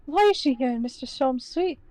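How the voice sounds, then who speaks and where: A woman's voice: sits high, animated, warm tone, dry recording, pitched above the performer's own voice, rough recording. A woman reading game dialogue aloud, voicing a polite, formal young female legal assistant. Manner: formal, courteous and measured.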